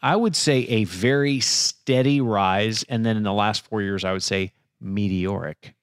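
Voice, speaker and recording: A man co-hosting a podcast in casual comedic chat, playful, often jumping into high silly exclamations. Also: measured pace, clean tone, no room sound, clean studio sound. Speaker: podcast co-host.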